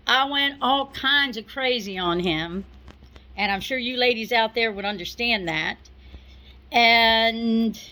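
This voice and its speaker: Middle-aged woman storyteller, fairly high voice, slow and chatty, sharing a personal memory. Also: poor audio. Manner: unhurried and conversational, with asides and soft laughs. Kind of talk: personal recollection, told to an audience.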